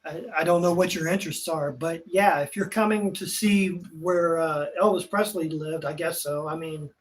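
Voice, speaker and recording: A woman's voice: deep voice, normal speed. A woman co-hosting a casual livestream, blunt and profane, telling stories and answering viewer questions. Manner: blunt, swears freely, tells stories. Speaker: livestream co-host. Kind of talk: casual chat.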